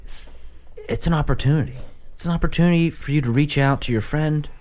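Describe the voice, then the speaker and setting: A man's voice: on the high side, fast, a little mellow. A man on a comedy podcast giving mock-earnest little speeches. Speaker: podcast co-host. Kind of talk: casual comedy chat.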